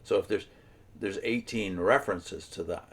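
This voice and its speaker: Low-voiced man explaining scripture earnestly. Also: moderate pace. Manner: earnest, emphatic explaining with restarts. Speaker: co-host and Bible commentator. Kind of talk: explanatory religious discussion.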